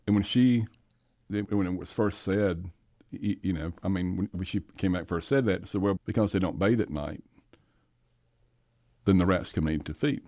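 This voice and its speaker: A man, a charity co-founder, reflecting slowly in a podcast interview, often restarting his sentences. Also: deep voice, no room sound, clean studio sound. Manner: halting, soft-spoken, restarts his sentences.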